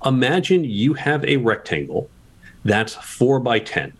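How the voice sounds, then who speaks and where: A man's voice: mid-range voice, very animated, unhurried. A man guest on a podcast interview, explaining communication tips and asking rhetorical questions as he goes.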